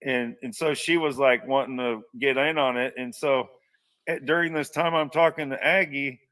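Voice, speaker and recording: A man's voice: medium pitch, steady tone, normal speed, fairly bright tone, far from the mic. A man telling a long personal anecdote in a casual, rambling way, full of restarts and asides. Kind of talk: casual storytelling.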